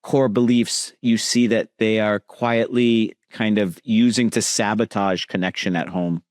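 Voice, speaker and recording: A man's voice: on the low side, fairly even intonation, unhurried, no room sound, clean studio sound. A man hosting a podcast interview, talking casually with many fillers and restarts. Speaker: podcast host.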